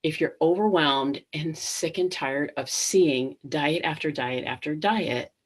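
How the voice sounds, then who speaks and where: A middle-aged woman hosting a live webinar, talking casually with many ums and restarts and acting out inner thoughts. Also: deep voice. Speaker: webinar host.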